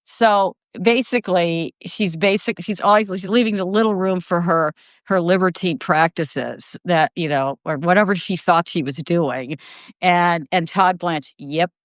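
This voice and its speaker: A middle-aged woman co-hosting a casual live conversation, talking in an animated way and now and then acting out the people she quotes. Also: fairly low pitch, unhurried, no room sound, studio quality. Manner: animated, quotes others in put-on voices. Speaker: journalist and co-host.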